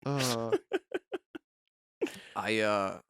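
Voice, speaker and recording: A man hosting a comedy podcast, teasing his guest with deadpan jokes. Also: lowish voice, drawn-out words, clear, resonant tone. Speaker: podcast host. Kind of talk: casual comedy chat.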